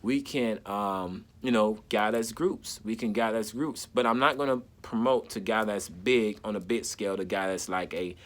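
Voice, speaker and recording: A man vlogging an impassioned solo monologue to camera, fervent, repeating words in quick bursts as he talks. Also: lowish voice, steady tone, fairly bright tone.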